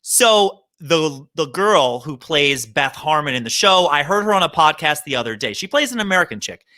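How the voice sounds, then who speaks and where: Guy hosting a podcast, bright lively voice, rambles through stories with lots of asides. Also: on the high side, normal speed. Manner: animated storyteller, rambling asides. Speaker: podcast host. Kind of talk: casual chat. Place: Hoboken.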